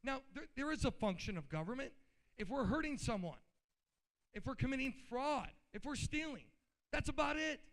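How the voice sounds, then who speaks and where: This man's voice is high and light, fairly bright in tone, as he delivers a blunt, riled-up, informal political speech from a convention podium in a convention hall. Expressive and moderately paced, he speaks colloquially, moving back and forth between straightforward explanation and fiery bursts.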